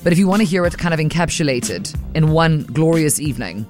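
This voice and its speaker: Brisk woman radio host. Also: low-pitched, animated, a little mellow, faint music behind. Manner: brisk, persuasive, playful. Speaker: radio breakfast show co-host. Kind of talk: casual radio banter.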